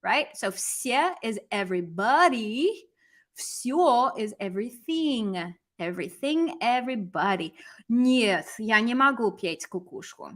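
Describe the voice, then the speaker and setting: A woman teaching a language lesson on a live stream, lively and chatty, answering viewers as she explains. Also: a little high, measured pace. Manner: lively, switches between English and Russian, chats with viewers.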